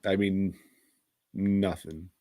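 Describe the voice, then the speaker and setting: A man's voice: deep voice, little pitch movement, extremely slow, mellow, dry recording, studio quality. A man co-hosting a movie review podcast, rambling and joking in casual, profane banter sprinkled with "mate" slang.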